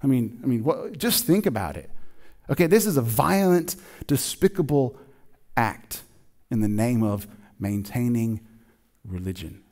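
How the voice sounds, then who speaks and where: A man preaching a sermon in church in a conversational, emphatic way, often dropping suddenly to a quiet voice. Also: mid-range voice, animated, measured pace. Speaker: pastor.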